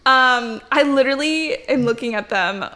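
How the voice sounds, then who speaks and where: A young woman co-hosting a podcast in casual chat, excitable, swearing often and laughing a lot. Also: high-pitched, normal speed. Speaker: podcast co-host.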